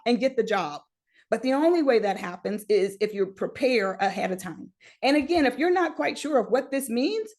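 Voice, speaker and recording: A woman's voice: fairly high pitch, a little mellow. A woman presenting a live webinar, teaching in a chatty, upbeat way and talking straight to her audience. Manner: chatty and upbeat, talks straight to the audience with "y'all" and "you guys".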